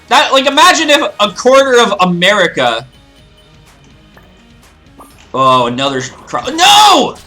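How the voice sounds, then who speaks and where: A man's voice: high-pitched, unhurried, long pauses, bright, forceful tone, soft background music. A young Canadian man rambling casually while playing a video game, breaking into goofy exclamations. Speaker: gaming video host. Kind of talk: casual let's-play commentary.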